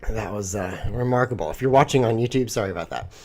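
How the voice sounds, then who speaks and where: A man's voice: fairly low pitch, fast talker. A man streaming a chess game, thinking aloud in a playful, rambling way. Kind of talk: live chess commentary.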